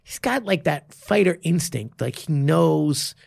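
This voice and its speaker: Raspy gravelly guy, coach type, super animated chat, swears a lot, dry close mic. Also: on the high side, dry recording. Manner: animated, swears freely, quick bursts of enthusiasm. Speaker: martial arts coach and podcast host. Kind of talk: casual chat.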